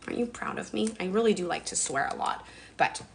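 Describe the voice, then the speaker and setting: A chatty woman in her forties talks to her viewers from home. She sounds bubbly and loose, with a mild curse here and there. Her voice sits at a middling pitch. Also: animated, fast talker, vocal fry. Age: 40s. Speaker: skincare livestreamer. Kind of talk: casual live-stream chat.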